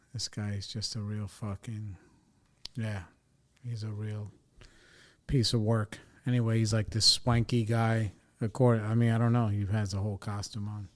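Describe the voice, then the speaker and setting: A man hosting a podcast, telling a rambling story in a casual, profane, animated way. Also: on the low side. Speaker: podcast host.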